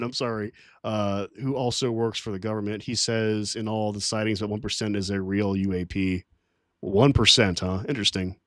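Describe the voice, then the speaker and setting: A man's voice: on the low side, no echo, clean studio sound. A man hosting a casual livestream, talking to his chat in a rambling, defensive way and swearing often. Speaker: livestream host.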